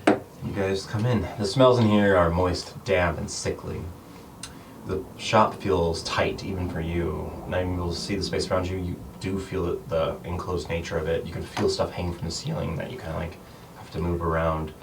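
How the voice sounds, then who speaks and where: A man's voice: low voice, little pitch movement, normal speed, vocal fry, background noise. A man narrating a tabletop game as game master, describing scenes with many fillers. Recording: distant mic with music behind.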